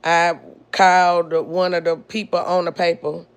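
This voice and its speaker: A woman's voice: on the low side, level tone, clean tone. A woman hosting a podcast, telling a personal family story in a blunt, indignant way. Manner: blunt, indignant, drawn-out delivery. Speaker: podcast host.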